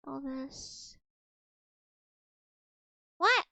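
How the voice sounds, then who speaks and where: A woman's voice: sits high, normal speed, long pauses, fairly bright tone, no room sound, dull audio. A young woman streaming casually, chatty and giggly, rambling through stories as she talks to her chat. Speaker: streamer learning Russian.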